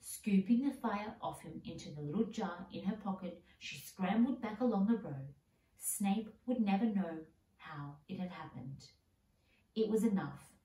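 Woman reader, storybook narration, mellow tone, distant roomy mic. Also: medium pitch, animated, measured pace. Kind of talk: storybook reading.

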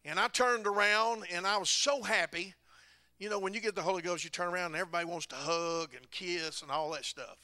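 A man's voice: sits high, sharp tone, dry recording. A man preaching a testimony, telling folksy stories and laughing at himself. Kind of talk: testimony sermon. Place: church sanctuary.

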